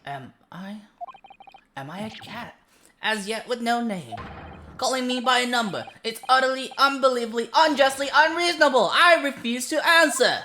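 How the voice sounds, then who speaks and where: A woman voicing an excitable, paranoid young male student prisoner with loud, theatrical outbursts. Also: deep voice, moderate pace, slight background noise. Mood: indignant. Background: game music.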